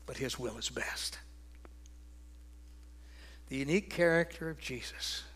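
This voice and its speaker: An older man preaching a sermon, swinging from loud, ringing declarations down to hushed, almost whispered lines. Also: mid-range voice, measured pace, slight background noise.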